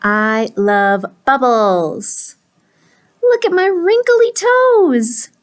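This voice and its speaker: A woman voicing a picky young male pigeon who whines about his bath in a high, squeaky voice. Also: wildly swooping pitch, drawn-out words, heavily acted. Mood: delighted.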